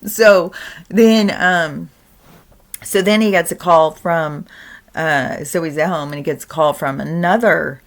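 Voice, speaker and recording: A woman vlogger telling a story in a casual, animated, chatty way, laughing often. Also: deep voice, unhurried.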